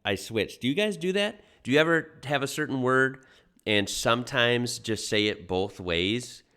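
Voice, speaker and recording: A man's voice: mid-range voice, lively intonation, moderate pace, sharp tone. A man with a mild Chicago accent, chatting casually while reacting to a video, musing aloud with frequent restarts. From American Midwest. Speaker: reaction channel host.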